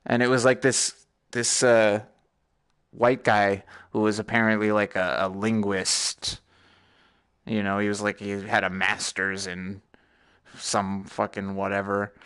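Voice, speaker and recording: A man's voice: lowish voice, level tone, unhurried, a bit bright, clear, resonant tone. A young man hosting a live gaming stream, chatting casually in a rambling, profane way. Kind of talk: casual chat while gaming.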